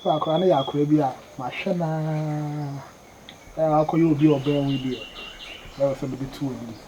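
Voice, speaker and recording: A man's voice: on the high side, steady tone, normal speed, dull audio, noisy background, lightly acted. A man playing a chatty villager. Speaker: villager in a film. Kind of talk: Ghanaian film acting.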